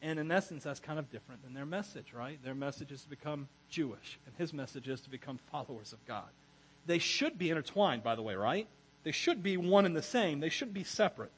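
Male pastor, higher-pitched and husky, preaching a chatty, laughing sermon full of asides. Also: fairly quick, poor audio. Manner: animated, laughs often, self-correcting asides.

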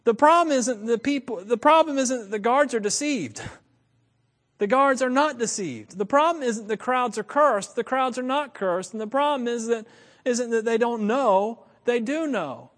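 A man preaching a sermon, animated, chuckling and repeating lines for emphasis. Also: extremely high pitch, moderate pace. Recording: long reverb of a large hall.

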